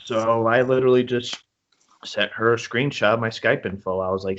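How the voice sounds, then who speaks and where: A man's voice: medium pitch, normal speed. A man hosting a podcast, chatting casually and telling stories. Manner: lively, animated storyteller. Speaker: podcast host. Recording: lo-fi video call audio.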